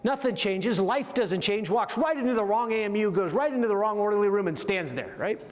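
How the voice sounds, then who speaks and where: A man's voice: sits high, expressive, fairly quick, big-room sound. A man giving a motivational military leadership lecture, telling a story and often checking in with listeners by asking "right?". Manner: keeps checking in with the audience with "right?".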